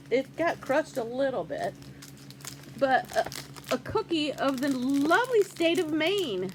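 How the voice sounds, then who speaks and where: An older woman with a high voice talks slowly and chattily, drifting through fillers as she shows off her stitching gifts. Her vlog carries a faint hum of room noise behind it. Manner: chatty, warm-hearted, rambling with fillers. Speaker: cross-stitch vlogger. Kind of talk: casual show-and-tell vlog.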